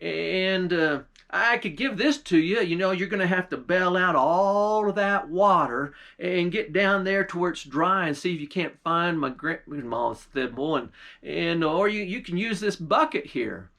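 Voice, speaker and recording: A man voicing a gruff, suspicious old bearded man in a folk tale who talks in a slow, grumbling way. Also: high voice, lively intonation, fairly bright tone, exaggerated voice. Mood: coaxing.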